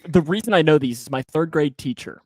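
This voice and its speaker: A man co-hosting a casual podcast, joking and restarting his sentences in quick bursts. His voice sits a little high. The sound is dry and close, with no room around it. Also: expressive, no room sound. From Kentucky. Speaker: co-host.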